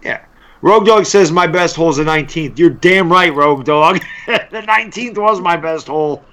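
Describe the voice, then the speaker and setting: A man co-hosting a live stream, joking and animated in casual chat. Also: fairly high pitch, moderate pace. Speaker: co-host.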